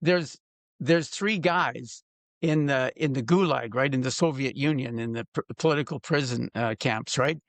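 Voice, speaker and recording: An older man hosting a podcast interview, talking in a halting way and often repeating words as he restarts a thought. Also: mid-range voice, dry recording. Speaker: podcast host. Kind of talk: casual interview conversation.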